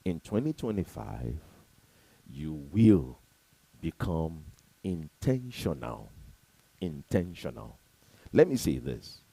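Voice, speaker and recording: A man giving an emphatic, preachy motivational talk to camera, repeating his points and swinging between loud and soft. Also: rumbling low, sing-song, slow pace, gravelly, pauses often, breathy edge, no room sound, low-quality recording. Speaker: motivational speaker.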